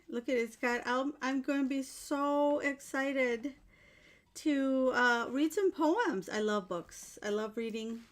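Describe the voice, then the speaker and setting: Slow-talking gushing woman vlogger. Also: high voice. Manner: gushing, effusive, exclaims often. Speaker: jewelry-making vlogger. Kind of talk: casual unboxing chat to viewers. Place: home bedroom used as filming room.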